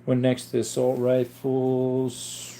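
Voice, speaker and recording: A man's voice: medium pitch, slow, a little hiss or hum. A man chats casually on his live stream. He welcomes viewers and reads their questions aloud. His answers wander easily, full of little fillers. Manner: relaxed, rambling explanations with fillers.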